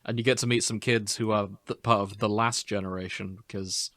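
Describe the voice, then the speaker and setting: A man's voice: lowish voice, fairly even intonation, brisk, a bit bright, no room sound. A man co-hosting a podcast, chatting casually with dry jokes and reading facts aloud. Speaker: podcast co-host. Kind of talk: casual chat.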